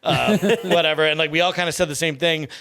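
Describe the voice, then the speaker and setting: Bright-voiced, laughing storyteller man. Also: on the high side, a little fast. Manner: rambling, profane, laughs a lot while telling. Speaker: podcast talker. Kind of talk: casual storytelling. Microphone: podcast studio mic.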